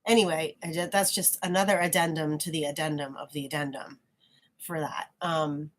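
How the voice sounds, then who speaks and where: Halting, low-voiced woman vlogger. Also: fairly even intonation. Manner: frank, reflective, halting with many restarts. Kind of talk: casual spoken monologue.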